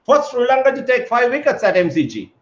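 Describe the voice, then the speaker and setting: A man's voice: very high-pitched, huge pitch swings, a little fast. A man hosting a casual live-stream chat, talking with lots of fillers and calling his guest mate. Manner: chatty, many fillers, calls guest mate. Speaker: host. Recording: echoey, dull lo-fi audio.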